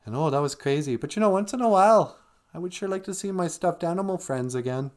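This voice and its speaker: A man's voice: fairly high pitch, expressive, fast talker, voice pushed up, lightly acted. A man voicing an exasperated teenage girl babysitter in a whiny, sarcastic, rambling way. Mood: gushing.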